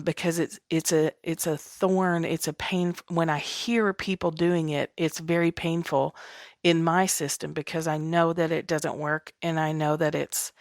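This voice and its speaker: A woman from the American South hosts her podcast in a deep voice with studio-quality sound and no room noise. Her casual spiritual monologue is chatty, candid, and self-deprecating.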